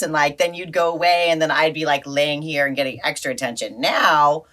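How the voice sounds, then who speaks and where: A woman's voice: low voice, fairly even intonation, fairly bright tone. A woman hosting a podcast, chatting casually and joking with her guest. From California. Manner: chatty, joking, quick to laugh. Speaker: podcast host. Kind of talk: casual chat.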